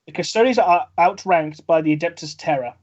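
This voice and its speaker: A man with a southern English accent, a podcast co-host in casual chat, explaining and listing things quickly. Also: on the high side, dull audio. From England.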